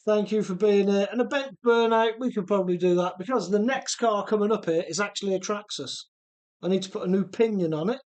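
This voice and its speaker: A man's voice: sits high, fairly quick, a little mellow, lo-fi sound. A man hosting a live stream in his home workshop, chatting easygoing and laughing often as he reads out viewer comments. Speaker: host of a radio-controlled car live stream.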